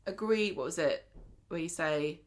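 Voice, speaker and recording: A woman co-hosting a casual podcast, quick and questioning as she argues her points. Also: lowish voice. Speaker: podcast co-host. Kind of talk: casual chat about a TV soap.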